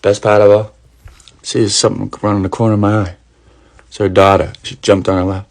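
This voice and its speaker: A man's voice: on the low side, a little fast, creaky, a little mellow. A man in his twenties with a Boston accent, chatting through a story and acting out the people in it. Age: 20s. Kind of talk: casual storytelling.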